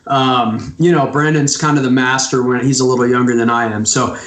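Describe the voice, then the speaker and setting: A man co-hosting a podcast interview over an online call, chatting casually in an excitable, self-deprecating way, often restarting his sentences. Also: medium pitch, a little fast, reverberant. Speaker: podcast co-host.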